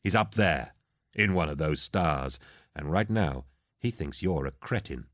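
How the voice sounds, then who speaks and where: A man's voice: rumbling low, expressive, measured pace, no room sound, studio quality. A man voicing a brash, mocking warrior captain who barks orders and taunts a rival. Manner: cocky, sarcastic, commanding.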